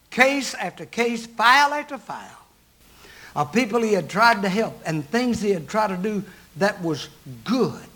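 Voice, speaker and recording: An older man, a pastor, preaching a sermon and telling a story, swinging from loud exhortation to hushed narration. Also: high-pitched.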